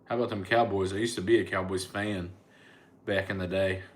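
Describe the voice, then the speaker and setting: Laid-back Southern man, low voice. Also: steady tone, brisk. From Alabama, US. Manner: joking, laid-back, teasing. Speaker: comedian and online host. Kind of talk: casual live-stream chat answering comments.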